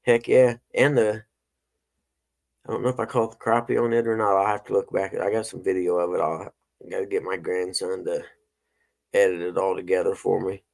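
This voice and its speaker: Man, middle-aged, casual morning show host, low gravelly voice, rambling folksy stories. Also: level tone, fairly quick.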